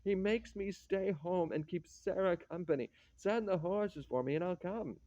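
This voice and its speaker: A man reads the part of a sardonic old count, a stage-play nobleman gone sour, sounding mocking and bitter with teasing that never lets up. His voice is a bit high-pitched and mellow, with a dull, dry sound and no echo. He's lightly acted at normal speed, and the mood is wistful.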